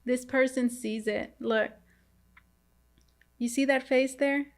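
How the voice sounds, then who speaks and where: A woman giving a casual tarot reading to viewers, halting and repetitive, often turning to address them directly. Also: sits high, fairly even intonation. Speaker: tarot reader.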